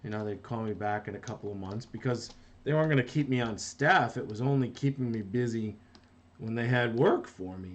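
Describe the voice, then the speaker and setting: Heard through dull audio, a middle-aged man from New Jersey talks in a mid-range voice with vocal fry. He's an animator chatting casually on a live stream as he works, reading viewer comments aloud, rambling and interrupting himself mid-thought.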